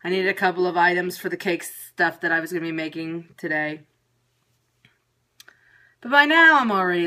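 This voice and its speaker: A woman's voice: on the low side, moderate pace, pauses often, pushed and bright. A woman venting casually and profanely to viewers on a phone livestream. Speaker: periscope broadcaster. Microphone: phone camera.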